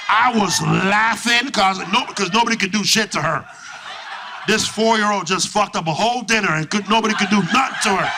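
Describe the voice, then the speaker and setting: A man doing a stand-up comedy set on a club stage, animated and profane, acting out people in his stories. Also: high-pitched. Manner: animated, profane, acts out voices.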